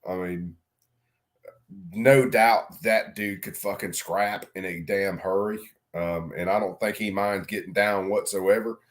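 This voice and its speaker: Speaking at a measured pace in a low, steady voice, a middle-aged vlogger wanders through a casual story. He swears without restraint, pokes fun at himself and laughs frequently.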